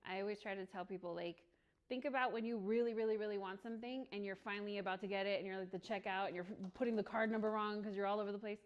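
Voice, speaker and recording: A woman leading a real estate training session for a small group, chatty and quick to laugh, often acting out little bits of dialogue. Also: medium pitch, steady tone, dull audio. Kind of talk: workshop teaching.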